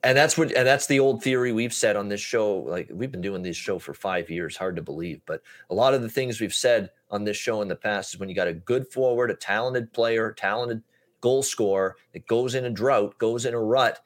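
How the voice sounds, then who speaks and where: Low-ish voiced guy hosting a betting podcast, lots of uh's, rambly casual chat. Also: normal speed. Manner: talks at length with many "uh" fillers. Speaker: podcast host.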